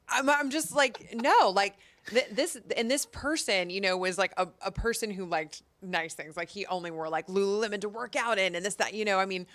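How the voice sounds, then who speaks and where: A woman in her thirties co-hosting a casual talk show, telling stories with lively acted-out quotes. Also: mid-range voice. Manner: animated storyteller, acts out quotes. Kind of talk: casual chat.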